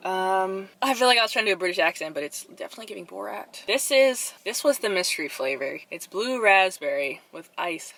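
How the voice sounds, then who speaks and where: A young woman vlogging from her car in a chatty, animated way, with dramatic reactions. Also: medium pitch, quick pace, gravelly, few pauses. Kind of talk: casual chat. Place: inside her parked car. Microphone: camera.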